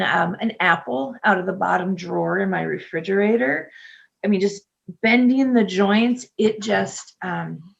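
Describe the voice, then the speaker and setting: A middle-aged woman speaks as a guest in a relaxed interview, chatty and full of fillers. Her voice carries a gravelly, creaky texture at a mid pitch. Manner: chatty, laughs often, many fillers. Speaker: nurse and podcast guest. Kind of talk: casual interview talk.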